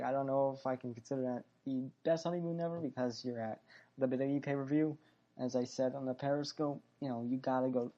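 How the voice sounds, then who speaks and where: A male podcast host recaps wrestling and fights solo, chatting in a loose, rambling way packed with fillers and self-corrections. His voice is medium-pitched and the sound is lo-fi.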